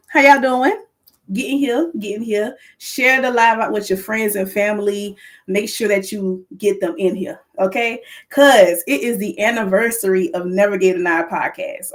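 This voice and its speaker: A woman hosting her podcast livestream, talking straight to viewers, lively and excited. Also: mid-range voice. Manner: lively, excited, calls to the audience. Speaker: podcast host.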